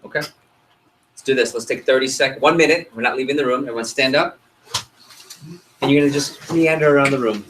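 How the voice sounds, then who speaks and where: A man's voice: mid-range voice, fast talker, a little hiss or hum, poor audio. A man leading a group training session, calling out instructions and repeating them to a room full of people. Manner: energetic, directive, repeats instructions. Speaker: workshop leader.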